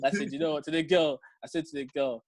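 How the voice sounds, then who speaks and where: A young man with a London accent, telling a story in an animated, slang-heavy way as a podcast co-host. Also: on the high side, fast, background noise. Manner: slangy, lively, full of street slang tags. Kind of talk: animated storytelling in casual chat.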